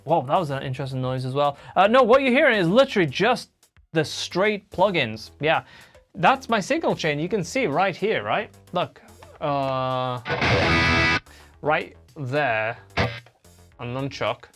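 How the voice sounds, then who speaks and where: A man's voice: fairly high pitch, sing-song, measured pace, fairly bright tone. A man hosting a casual livestream, rambling chattily and answering chat messages while he plays guitar. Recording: guitar playing behind the voice.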